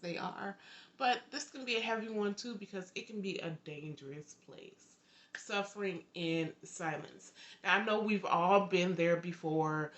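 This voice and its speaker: Brief: earnest young woman vlogger, low-pitched voice, emphatic heartfelt delivery. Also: dull audio. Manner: earnest, emphatic repetitions, lively swings in loudness. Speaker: vlogger and author. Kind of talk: heartfelt direct-to-camera talk.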